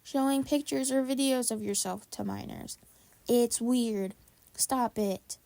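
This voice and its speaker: Young woman podcaster ranting, lots of swearing, kinda high with a gravelly edge. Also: a little slow, mellow, no room sound. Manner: blunt, profane ranting. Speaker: podcast co-host. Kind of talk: casual chat.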